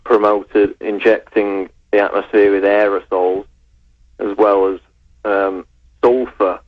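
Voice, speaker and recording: A low-voiced man calling into a radio show over a tinny phone line. He keeps his delivery flat and measured as he reads out his findings. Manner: level, measured, reading out details. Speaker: researcher and writer on air.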